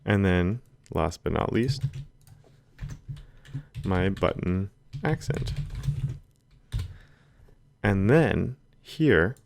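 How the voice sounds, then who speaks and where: A man teaching a screen-recorded coding lesson, calmly talking through the code as he types it. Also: low-pitched, extremely slow, vocal fry, pauses often, a little hiss or hum. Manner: relaxed, talks while typing code. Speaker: coding instructor. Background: keyboard typing.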